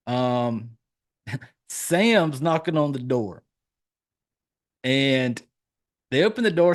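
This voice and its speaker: Rambling, foul-mouthed man recapping a film. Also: mid-range voice. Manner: rambling, swears freely, heavy fillers. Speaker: podcast host reviewing a horror film. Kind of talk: casual profane movie recap.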